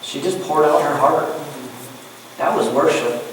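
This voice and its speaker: Pastor, male, animated preacher with joking asides; recorded from a distance in an echoey church with light noise. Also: a little high, measured pace. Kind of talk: sermon. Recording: echoey church room from far off.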